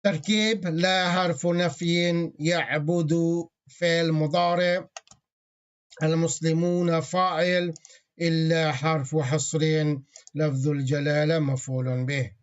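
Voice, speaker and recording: A man's voice: on the high side, level tone, fast talker, highs cut off. A man teaching an Arabic grammar class online, asking the students questions and reading out parsing terms.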